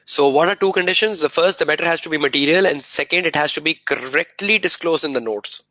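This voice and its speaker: A male lecturer runs a revision session, firing quick questions at the class and answering them himself. He repeats key terms over and over to drive them home. His voice sounds dry and close, with little room echo. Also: on the high side, bright, forceful tone. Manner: drills students with repeated rhetorical questions; repeats key words and phrases for emphasis.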